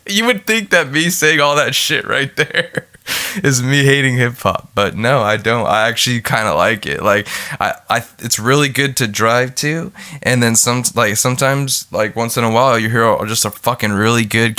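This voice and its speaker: Goofy rambling man with a bright voice. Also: mid-range voice, moderate pace. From United States. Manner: rambling and goofy, swears a lot, breaks into sung lines. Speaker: podcast host. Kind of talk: rambling solo podcast talk.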